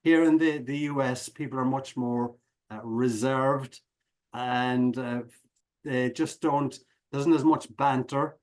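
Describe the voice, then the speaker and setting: A man's voice: mid-range voice, fairly even intonation, takes it slowly, a little mellow, low-quality recording. A middle-aged Irish man telling stories in an interview, hesitant, with many fillers and restarts. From Ireland. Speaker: guest speaker. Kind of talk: conversational interview.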